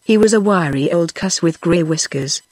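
A text-to-speech woman's voice with a British accent, reading an audiobook in an even, steady way. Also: lowish voice, normal speed, no echo. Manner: even, steady machine-read delivery. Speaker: audiobook narrator.

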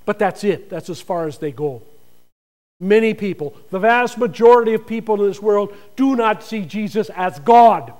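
A man pastor preaching a sermon earnestly, building to forceful emphasis and asking the congregation rhetorical questions. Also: sits high, animated, normal speed.

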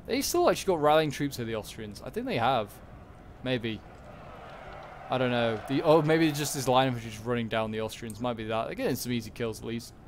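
A man talks through a replay of a strategy game battle in a loose, unscripted way. He hesitates often, corrects himself mid-sentence, and fills gaps with ums and likes. His voice sits at an ordinary middle pitch for a man. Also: animated, brisk, a little hiss or hum. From Britain. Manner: rambling, hesitant, many fillers and self-corrections. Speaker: gaming channel host. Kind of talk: casual gameplay commentary.

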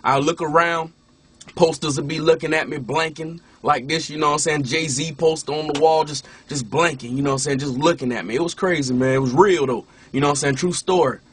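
A man's voice: on the high side, fairly quick. A man, a minister and former rapper, telling his personal testimony in a casual way, often saying "you know what I'm saying" and restarting his words.

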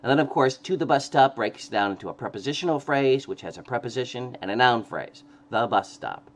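A man's voice: medium pitch, lively intonation, fairly quick. A man lecturing on grammar, explaining step by step, often checking in with "okay?" and correcting himself as he goes. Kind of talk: recorded classroom lecture.

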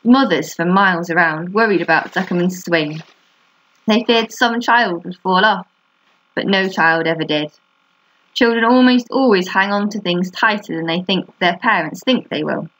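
A woman teacher reading a children's book aloud to a class, steady and expressive. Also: lowish voice, normal speed, rough recording.

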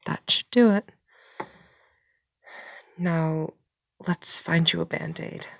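A woman performing a scripted audio role-play as a caring friend, talking in a nervous, soft-spoken way with frequent stammers and pauses. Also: fairly low pitch, gravelly, no room sound.

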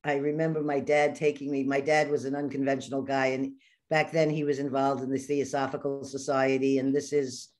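A woman's voice: rumbling low, flat delivery, darkish tone. An older woman with a New York accent, a podcast guest telling stories, often stumbling over her first words. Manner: storytelling, quick bursts with repeated false starts. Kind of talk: casual interview chat.

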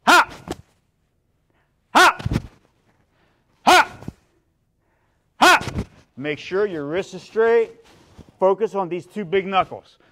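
High, bright karate instructor shouting counts. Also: male voice. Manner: shouts sharp counts and kiai between calm instructions. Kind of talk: live-streamed kids' karate class. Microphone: phone or laptop for a live stream.

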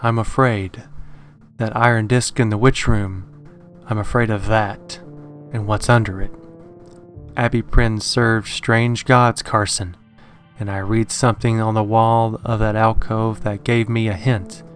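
A man voicing a grave male occult scholar who warns calmly and solemnly in a read-aloud horror story. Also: fairly low pitch, unhurried, faint music behind, close to an everyday voice. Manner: calm, solemn warning.

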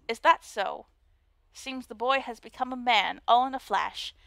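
A woman's voice: on the high side, lively intonation, slow, creaky, pushed and bright, dry recording, heavily acted. A woman voicing an old female castle cook, homely and chatty. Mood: fond.

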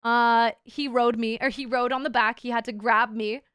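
A young woman in her twenties streaming, chatting casually in a rambling, loud way, swearing a lot, laughing and breaking into shouts. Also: fairly high pitch, little pitch movement, moderate pace, smooth, no echo. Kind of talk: casual chat.

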